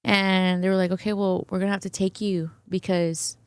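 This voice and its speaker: A woman's voice: medium pitch, moderate pace, clear, resonant tone, no room sound, studio quality. Woman retelling a story animatedly. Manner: animated retelling, acting out quoted voices, fillers like "right?". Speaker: guest. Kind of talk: conversational storytelling.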